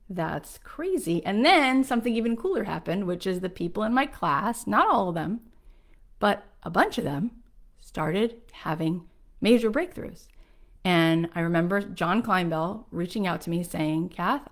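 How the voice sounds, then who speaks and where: A woman in her thirties hosting a motivational talk, enthusiastic and conversational, often saying "like". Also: mid-range voice. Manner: enthusiastic, conversational, uses filler "like". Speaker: host.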